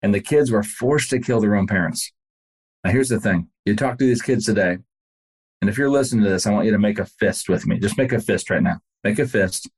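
A man's voice: lowish voice, fairly quick, slightly rough. A man, a pastor and podcast guest, telling a story in casual conversation and speaking earnestly and directly to the listener.

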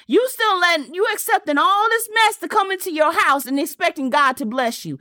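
Woman pastor preaching hard, high voice, keeps repeating herself, says y'all a lot, dry close sound. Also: expressive, brisk, pushed and bright, no echo. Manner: fervent, repetitive preaching with rhetorical questions; colloquial Southern-style phrasing like y'all and ain't. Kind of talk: sermon.

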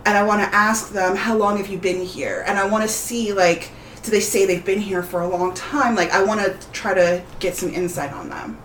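A woman playing a tabletop game, asking quick, suspicious questions. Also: medium pitch, fairly even intonation, fairly bright tone, a little hiss or hum. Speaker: player. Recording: roomy echo.

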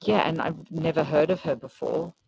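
A woman's voice: low voice, moderate pace, vocal fry, darkish tone, breathy edge, dry recording, muffled recording. A woman chatting casually about a show, hesitant and searching for words. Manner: hesitant, restarts often, many fillers. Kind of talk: casual chat reviewing a show.

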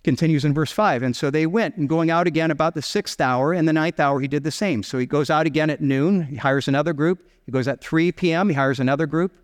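A middle-aged pastor preaching a sermon in a slightly high-pitched male voice. He tells the story in an animated way, acting out the characters' voices. The sound carries the long reverb of a church sanctuary. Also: quick pace, hardly any pauses.

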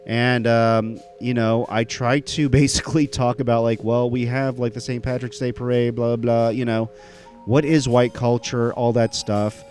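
A man's voice: mid-range voice, little pitch movement, moderate pace, darkish tone, faint music behind. A man hosting a podcast, talking casually in a rambling way with many fillers and restarts. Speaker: podcast host. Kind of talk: casual solo podcast intro.

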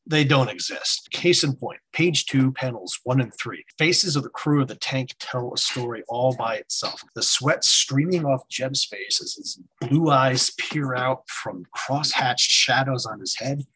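A man co-hosting a comic book podcast, describing panels with admiring excitement. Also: medium pitch, a little slow, hardly any pauses, slight background noise. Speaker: podcast co-host.

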